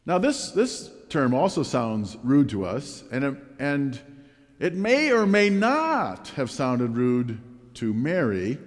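A man's voice: medium pitch, wildly swooping pitch, slow, in a large hall. A man preaching a sermon as a pastor, asking the congregation rhetorical questions.

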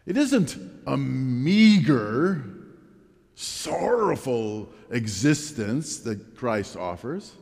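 A man's voice: medium pitch, big pitch swings, extremely slow, creaky, darkish tone, long reverb tail. A man preaching a sermon as a pastor, asking the congregation rhetorical questions.

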